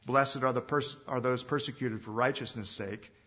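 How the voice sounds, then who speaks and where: A man preaching a sermon as pastor, stressing some phrases loudly and letting others drop to a hush, repeating himself and putting direct questions to his listeners. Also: medium pitch, fairly even intonation. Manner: emphatic preaching that swings between loud stresses and hushed, drawn-out endings. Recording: dull lo-fi recording.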